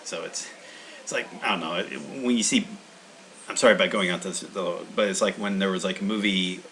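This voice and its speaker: A man's voice: deep voice, fairly quick, sharp tone, a little hiss or hum, rough recording. A man hosting a language-learning channel, talking in a meandering, casual monologue full of restarts.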